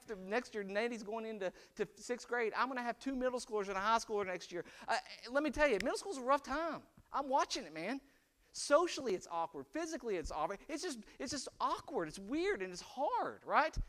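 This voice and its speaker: A man in his forties preaching a conversational sermon, chatty and animated, often asking "right?". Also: very high-pitched. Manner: animated and chatty, with rhetorical "right?" and frequent laughs. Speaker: pastor.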